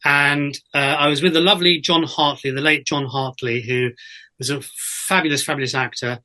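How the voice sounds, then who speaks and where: A man's voice: fairly high pitch, steady tone, normal speed, sharp tone. A man, a guest actor and voiceover artist, telling stories in a casual interview, chatty, with many fillers and restarts.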